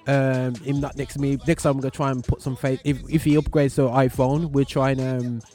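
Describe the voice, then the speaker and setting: A man's voice: medium pitch, level tone, brisk, warm tone. A man in his forties hosting a casual radio show from a small studio, talking in a loose, rambling way with slang.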